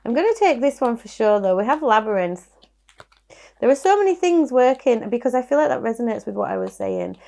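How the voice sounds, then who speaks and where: Yorkshire woman tarot reader, musing and reassuring, a bit of vocal fry. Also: a little high, huge pitch swings, brisk, dark tone. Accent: Yorkshire English. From Yorkshire, England. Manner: chatty, musing, reassuring, with small laughs and restarts. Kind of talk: casual tarot card reading.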